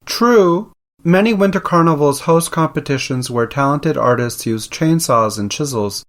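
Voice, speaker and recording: A man's voice: mid-range voice, normal speed. A man from Canada hosting a podcast, reading a script in a dry, tongue-in-cheek way. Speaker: podcast host. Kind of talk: scripted narration.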